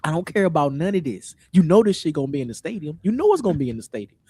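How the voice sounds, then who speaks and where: Ranting man with a husky voice. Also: a little high, big pitch swings, racing, dark tone, dry recording. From St. Louis area. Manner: exasperated, ranting and repeating himself. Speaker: podcast co-host. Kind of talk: casual chat.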